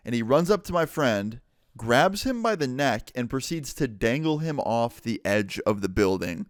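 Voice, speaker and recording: Young man, vlogger, casual storytime, mid pitch, lots of "like", dry close sound. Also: sing-song, moderate pace, no room sound. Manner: casual, filler-heavy retelling with frequent "like".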